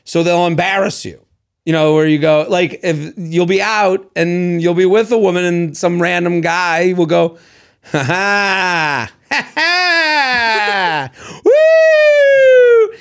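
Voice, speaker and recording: A man's voice: high voice, level tone, normal speed, gravelly, clear, resonant tone. A man co-hosting a casual dating podcast, playful and joking, slipping into silly bits. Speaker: podcast co-host. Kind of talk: casual chat.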